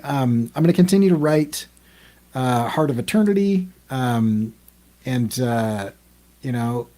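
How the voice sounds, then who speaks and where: A man's voice: mid-range voice, darkish tone. Guy co-hosting a chill podcast, rambles and restarts a lot, home mic. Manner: rambling, full of ums and restarts. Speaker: podcast co-host. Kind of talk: casual group chat.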